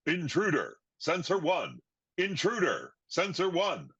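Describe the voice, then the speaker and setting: A woman's voice: on the low side, slow, breathy edge, lo-fi sound, full character voice. A woman voicing an automated alarm announcement. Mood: monotone. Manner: flat, repetitive announcement. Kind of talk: virtual table read.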